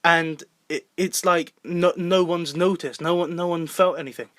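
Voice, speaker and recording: A young man chatting on a casual podcast, his voice sitting a little high. He rambles, stumbles over and repeats words, and laughs often. The sound is close and dry. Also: fairly even intonation, normal speed, a bit bright, dry recording. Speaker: podcast co-host and indie filmmaker.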